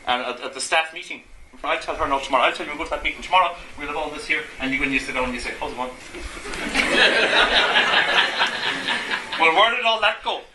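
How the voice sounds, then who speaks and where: A man's voice: a little high, lively intonation, racing, very noisy. A man, a Gestalt therapist, lecturing a live audience, asking them rhetorical questions and acting out everyday examples. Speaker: Gestalt therapist giving a talk. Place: room with an audience. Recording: echoey room, faint ambience.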